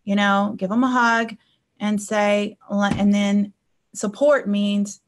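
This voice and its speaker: A woman's voice: medium pitch, fairly even intonation, slow, slight background noise. A woman life coach talking casually to her viewers on a live stream, telling personal stories and checking in with them. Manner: chatty, anecdotal, checks in with listeners.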